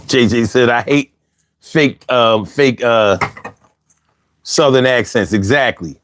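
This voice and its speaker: A man's voice: mid-range voice, slow pace, a bit bright. A man hosting a casual livestream, reading out chat comments in a loose, slangy way and laughing often, a little bothered by allergies.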